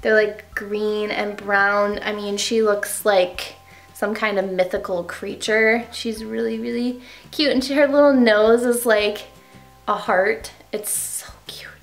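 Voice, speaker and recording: Young female beauty vlogger, casual and gushing, breaks into baby talk; roomy sound, soft music bed. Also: steady tone, unhurried. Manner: gushing, rises to high baby talk with the puppy. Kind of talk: casual vlog chat. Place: home. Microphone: camera with ring light.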